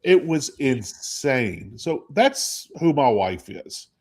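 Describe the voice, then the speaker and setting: A man tells stories in a loose, chatty way, with a pitch that climbs and dips a lot. He acts out the voices of the people he quotes and keeps the talk casual, like a radio co-host. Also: slow pace. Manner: animated storyteller acting out quotes. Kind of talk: casual storytelling chat.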